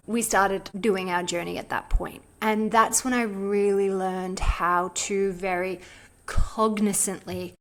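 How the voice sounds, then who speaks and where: A woman with a mid-range voice tells a personal story as a podcast guest. She talks casually and chattily, and she fills her sentences with "like" as she animatedly recounts what happened. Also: medium pitch. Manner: chatty, frequent "like" fillers, animated retelling.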